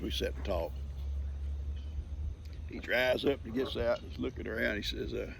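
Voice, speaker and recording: A man's voice: mid-range voice, gravelly, a little hiss or hum. An older man, chuckling as he tells a folksy story on his farm. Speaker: vlogger. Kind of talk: casual storytelling. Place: outdoors on a farm.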